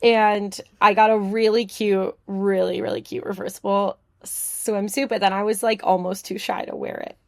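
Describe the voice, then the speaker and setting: A woman's voice: medium pitch, little pitch movement, moderate pace, vocal fry, few pauses, dry recording, studio quality. A young adult woman from the United States, a podcast guest chatting casually, joking often and leaning on filler words. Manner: giggly, jokey, heavy on filler words. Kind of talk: casual interview chat.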